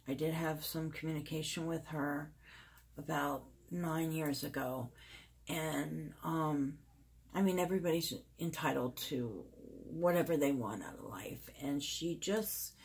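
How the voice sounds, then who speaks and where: A woman in her forties talking to camera in a personal vlog, soft and confiding. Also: deep voice, a little slow, slightly rough. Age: 40s. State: out of breath. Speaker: beauty vlogger.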